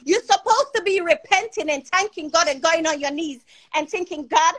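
A woman's voice: very high voice, expressive, normal speed, a bit bright. A woman, arguing and cursing on a live stream, boastful and confrontational. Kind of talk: heated live-stream argument. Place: at home in the UK.

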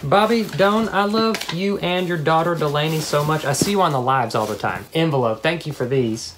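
Low-voiced excitable woman unboxing gifts. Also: moderate pace. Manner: chatty and excitable, gasps and laughs. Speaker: vlogger opening fan mail. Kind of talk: casual unboxing chat. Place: at home. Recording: background noise with paper crinkling.

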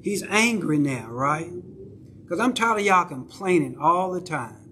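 The pastor's voice is high, bright, and forceful, expressive and unhurried, as he preaches in a church sanctuary with his Southern accent. He talks conversationally and checks in with the congregation, with a little hiss or hum in the background.

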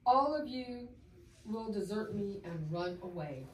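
A woman voicing a gentle male teacher in a Bible story, speaking in a measured, tender way. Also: medium pitch, expressive, natural voice. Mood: solemn. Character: gentle, solemn male teacher comforting friends. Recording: roomy, distant mic, faint background hum.

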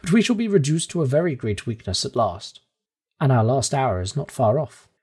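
A man's voice: mid-range voice, big pitch swings, moderate pace, a little mellow, husky. A man voicing a stern, determined older male professor in an audiobook reading, with a firm, lecturing manner. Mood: firm, resolute. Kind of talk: audiobook character voice.

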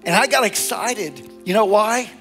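A middle-aged man, a lead pastor preaching a sermon in an animated, exhorting way with repeated call-outs to the congregation. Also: high-pitched, unhurried, faint music behind.

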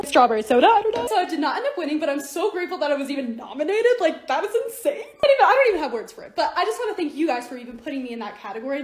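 A young woman narrates her lifestyle vlog over the clips, her voice high and swooping up and down as she talks. She rattles along quickly and gushes over each thing she shows. It sounds like it was recorded on a phone. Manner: bubbly, gushing product talk. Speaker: lifestyle influencer.

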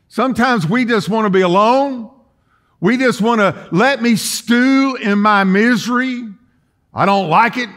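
A man preaching a sermon in a church, folksy and emphatic, swinging between quiet and loud. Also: sits high. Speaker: pastor. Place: church sanctuary.

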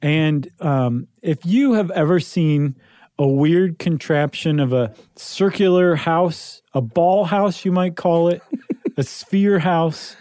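A man's voice: on the high side, slow pace, dark tone, no room sound. A man co-hosting a podcast in casual chat, playful and bantering, a little worn out, speaking into a close studio microphone. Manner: playful, bantering, tired-sounding. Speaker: podcast co-host.

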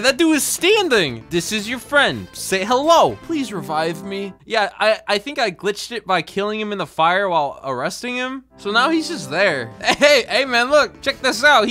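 Excitable young man with a bright, lively voice. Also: high-pitched. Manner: playful, joking, excitable, often shouting. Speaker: gaming YouTuber. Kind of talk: comedic gameplay commentary.

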